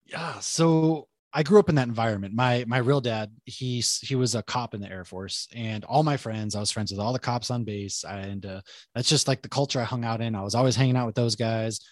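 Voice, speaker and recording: A man's voice: medium pitch, fairly quick, dry recording, studio quality. A man in his thirties with a Boston accent, a guest telling his story in casual podcast chat, loose and profane, often laughing. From Boston area, USA. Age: 30s. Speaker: podcast guest, military service member.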